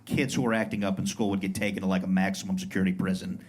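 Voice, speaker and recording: A man's voice: deep voice, flat delivery, racing, breathy edge. A man in his thirties from Colorado performing a self-mocking stand-up set in a comedy club, acting out brash tough-guy voices. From Pueblo, Colorado. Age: 30s.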